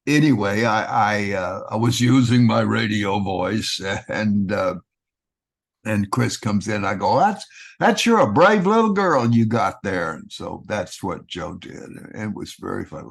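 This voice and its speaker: An older man from Texas with a Texan accent, telling animated stories as an actor guest and slipping into a broadcaster voice. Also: on the low side, measured pace, gravelly, breathy edge. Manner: animated anecdotes with broadcaster-voice impressions. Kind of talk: casual storytelling.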